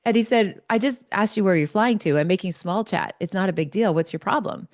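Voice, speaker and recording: A woman host telling a personal story in an animated, chatty way, peppered with "like". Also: mid-range voice, fairly quick, dry recording, studio quality. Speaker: podcast host, psychologist.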